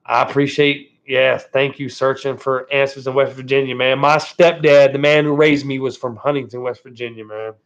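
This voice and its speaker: A man's voice: mid-range voice, steady tone, normal speed, hardly any pauses. A man hosting a casual live stream from home. He chats with viewers in a laid-back way, keeps thanking them and ends his phrases with "man". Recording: dull lo-fi stream audio.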